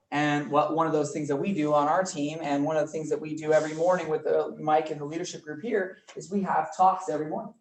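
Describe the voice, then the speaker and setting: A workshop presenter with a mid-range voice runs an informal training talk for a small group in an office meeting room. The style is chatty, with made-up words and mid-sentence self-corrections, captured by a far-off mic in an echoey space with faint background noise.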